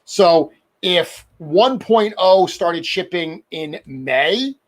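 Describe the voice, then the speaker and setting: A man's voice: high voice, lively intonation, extremely slow. A middle-aged man with a New England accent, hosting a casual podcast chat and laughing at himself now and then. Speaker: podcast host. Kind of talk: casual chat about toy collecting.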